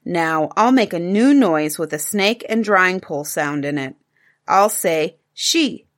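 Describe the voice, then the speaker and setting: Woman doing a patient caveman dad, lively up and down, storybook reading. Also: on the low side, takes it slowly. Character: cave-man father, patient and playful.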